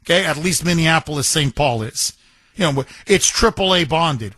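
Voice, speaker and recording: Bright, forceful talk radio host. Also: male voice, on the high side, animated, moderate pace, no echo. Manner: combative, sarcastic, ranting. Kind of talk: opinionated talk radio monologue.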